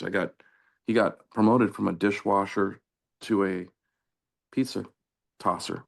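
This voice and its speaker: A man's voice: fairly low pitch, measured pace, gravelly, pauses often. A middle-aged man from Southern California, a former pro soccer player, telling stories in a casual interview and acting out the dialogue. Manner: animated anecdotes, acting out quoted dialogue. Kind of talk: casual storytelling.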